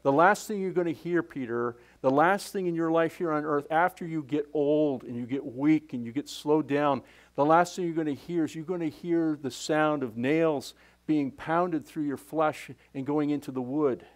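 A man preaching a sermon with passion, often restarting phrases and swinging from loud to hushed. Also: a little high, normal speed. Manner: impassioned, repetitive, with restarts and sudden swings in loudness. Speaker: pastor.

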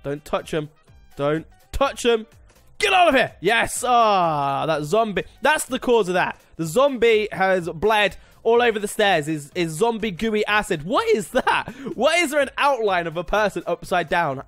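Excitable high-voiced young man. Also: no echo. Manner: excitable, chatty, jokey, talks to the game and its maker. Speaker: gaming YouTuber. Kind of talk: casual gameplay commentary.

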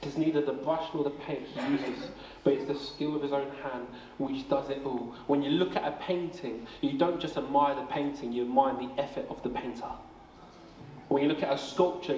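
A man in his late twenties preaching a family service sermon in a church hall, energetic and jokey, often repeating words as he starts a sentence. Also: medium pitch, a little hiss or hum. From England. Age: 20s. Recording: echoey hall, faint ambience.

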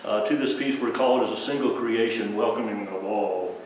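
A man, a pastor, giving a children's message during a church service, chuckling often and pausing with lots of fillers. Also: fairly low pitch, a little hiss or hum. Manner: chuckling, halting, full of fillers. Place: church sanctuary. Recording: echoey church from a distant mic.

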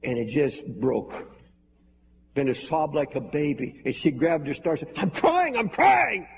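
A man's voice: mid-range voice, moderate pace, mellow, slight background noise. A man preaching a sermon as pastor, earnest and pleading, with emphatic repetition, recorded live in a large church hall. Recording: live sermon in a reverberant hall, faint music.

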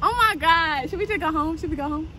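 Young female prank vlogger, high voice, animated, laughing, guilty edge; faint background hum. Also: quick pace. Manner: animated, laughing, swings between excited and guilty. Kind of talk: casual vlog chat.

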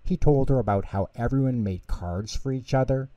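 A man reading a children's bedtime story aloud as storyteller, calm and lilting. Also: mid-range voice, moderate pace, no echo.

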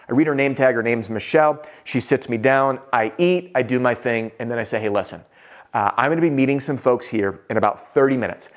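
A man in his ordinary middle register tells a story to the camera as a sales trainer. He talks in an animated way and acts out the quoted dialogue. He sinks to a low murmur when he repeats whispered words.

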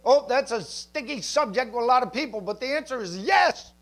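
A man's voice: very high-pitched, expressive, a little fast, fairly bright tone. A male pastor preaching a sermon in a church, conversational, with asides and jokes.

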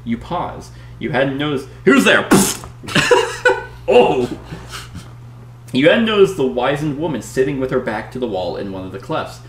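A man with a medium-pitched, somewhat slow voice plays a board game casually, reading the story aloud with dramatic flair. Between passages he trades lively banter with his partner, in an echoey room with a faint hum.

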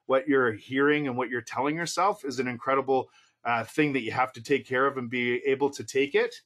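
A man's voice: mid-range voice, a bit bright. A middle-aged man, a real estate coach, giving a motivational webinar talk full of repeated rhetorical questions and short punchy lines.

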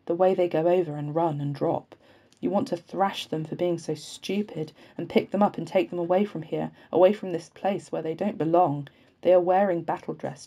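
A woman reads a novel aloud in a low, mellow voice. Her reading is steady and unpolished, with occasional slips and quick restarts left in. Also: slightly rough. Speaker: audiobook reader.

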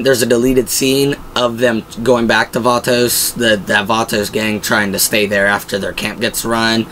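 A young man in the middle of his pitch range gushes about a show in relaxed, unscripted chat. He wanders through his points with plenty of filler words, and a faint hiss sits under the recording. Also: low-quality recording. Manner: rambling, filler-heavy and enthusiastic. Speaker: pop-culture show host. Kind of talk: casual fan commentary.

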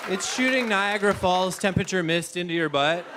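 Stand-up comic, male, high tenor, self-deprecating, loud laughing crowd and studio hiss. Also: fairly quick. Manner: self-mocking, acts out voices of objects. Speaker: stand-up comedian. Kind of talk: stand-up comedy set. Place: TV studio stage with live audience. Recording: audience laughter and studio noise. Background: audience laughing.

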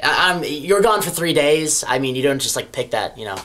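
A woman's voice: low voice, expressive, fairly bright tone. A woman playing an exasperated, stammering friend. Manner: halting, stammering, incredulous. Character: exasperated friend, skeptical and irritated. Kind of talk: comedy sketch acting.

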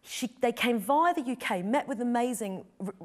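A woman's voice: fairly high pitch, lively intonation, normal speed. A middle-aged woman, a photojournalist, telling a personal story in an interview, earnest and heartfelt. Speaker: photojournalist guest.

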